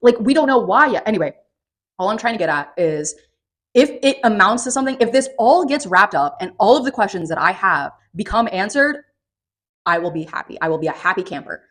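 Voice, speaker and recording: A woman giving a casual, profane and sarcastic spoken book review, recapping the plot with animated energy. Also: mid-range voice, a little fast.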